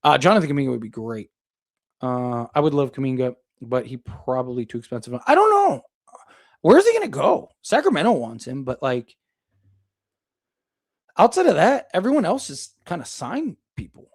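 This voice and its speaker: This young man's voice sits fairly high and swings widely in pitch at a moderate pace. Hosting a casual basketball talk stream, he reads viewer super chats while rambling, thinking aloud, and filling pauses constantly.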